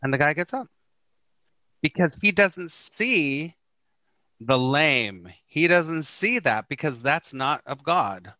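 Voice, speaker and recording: Guesting on a podcast, this middle-aged Course in Miracles teacher speaks slowly in a fairly high-pitched voice. He's a lively, casual storyteller who performs the quotes he recounts. There's no echo.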